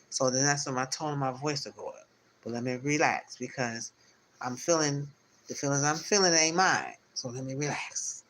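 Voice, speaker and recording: Bright-voiced man rambling through a tarot reading. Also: medium pitch, rough recording. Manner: rambling, repetitive, spiritual pep talk. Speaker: tarot reader. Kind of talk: live-stream tarot reading.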